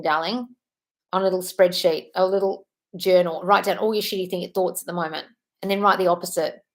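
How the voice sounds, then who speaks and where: British woman coaching earnestly on a live stream. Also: fairly low pitch. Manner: affectionate, calls listeners darling, earnest and emphatic. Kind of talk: live stream Q&A, reading and answering chat.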